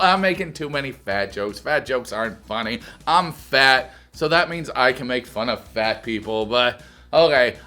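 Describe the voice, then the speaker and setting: A man hosting a comedic reality-show recap, crude and mocking, often breaking into shouted rants. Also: on the high side. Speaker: reaction video host.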